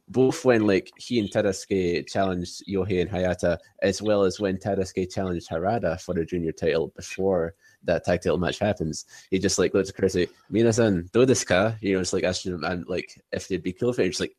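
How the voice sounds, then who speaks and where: A man co-hosting a casual wrestling podcast, talking haltingly with constant fillers. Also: low voice, a little mellow, no echo. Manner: halting, heavy use of "like". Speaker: podcast co-host.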